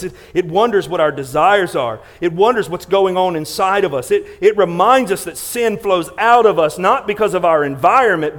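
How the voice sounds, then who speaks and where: A male pastor with a fairly high-pitched voice preaches a sermon in a church sanctuary. He speaks with emphasis, repeating and restarting words, and swings between loud, stressed lines and quiet, hushed ones.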